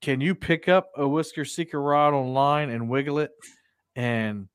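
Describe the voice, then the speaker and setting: A man's voice: fairly high pitch, normal speed, clear, resonant tone, no echo. Male podcast co-host, dry recording, keen conversational delivery. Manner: affirming, then enthusiastic rhetorical questions. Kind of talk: casual chat.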